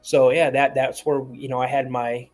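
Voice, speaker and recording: A man's voice: mid-range voice, flat delivery, normal speed, a little mellow, soft background music. A man calling in to a show, telling a long personal story in a rambling way, repeating words and acting out the voices of people he quotes. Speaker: caller.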